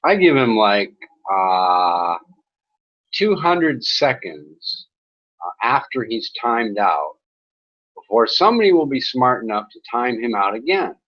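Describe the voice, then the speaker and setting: A man's voice: fairly low pitch, sing-song, a little slow. Laughing, crude-talking man, lo-fi sound. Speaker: chat room host. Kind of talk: casual stream chat. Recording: dull lo-fi sound.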